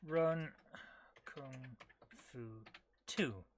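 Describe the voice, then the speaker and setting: A woman's voice: very deep voice, very slow, slight background noise. A woman streaming retro games, thinking aloud as she plays and reacting with amused disbelief. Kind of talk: casual live gameplay commentary.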